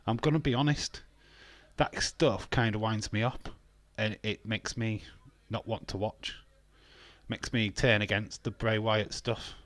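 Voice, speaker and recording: A man's voice: lowish voice, fairly even intonation, unhurried, a bit bright, dry recording. Blunt, swearing man ranting casually. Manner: blunt, swears freely, laughs often. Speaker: wrestling watch-along streamer.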